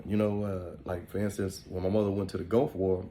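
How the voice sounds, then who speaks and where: A middle-aged man with an African American Vernacular English accent tells stories in a loose, rambling way, dropping "man" and "you know" all through. His voice sits low and mellow. A faint hum of background noise runs under it. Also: level tone, a little fast. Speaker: podcast host. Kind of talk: casual storytelling monologue.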